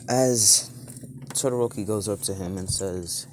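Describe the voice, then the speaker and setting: A man with a very deep voice narrates a fan-made story in a loose, rambling way. He strings events together with fillers as he goes. A faint hiss sits under the recording. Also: normal speed. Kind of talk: casual fan-fiction narration.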